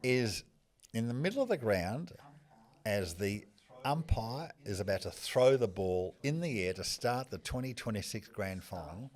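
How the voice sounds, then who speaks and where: A man's voice: fairly low pitch, expressive, unhurried, a little mellow. A man with an Australian accent, joking and laughing as podcast co-host in casual footy chat.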